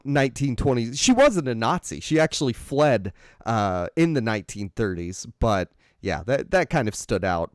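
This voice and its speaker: A man's voice: mid-range voice, no room sound, clean studio sound. A man co-hosting a casual film chat, meandering and thinking aloud as he retells a story. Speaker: podcast co-host. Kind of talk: casual chat about films.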